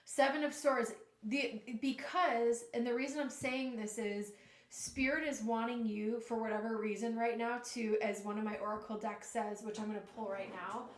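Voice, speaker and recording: A woman giving a live tarot reading, earnest and emotional, often halting and restarting. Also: on the high side, steady tone, reverberant. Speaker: tarot reader.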